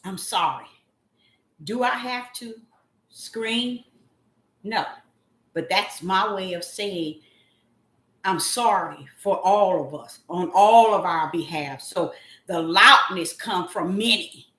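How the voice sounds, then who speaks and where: A woman calling herself a prophetess, giving a slow spoken devotional message. She draws her words out and breaks into loud cries of apology. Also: mid-range voice, reverberant. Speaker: self-styled prophetess.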